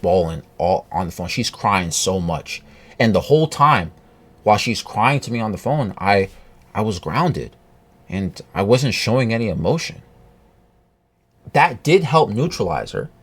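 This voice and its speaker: A man telling a personal story to camera in a halting, earnest way, with many restarts and fillers. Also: mid-range voice, slightly rough. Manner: earnest, confiding. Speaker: vlogger.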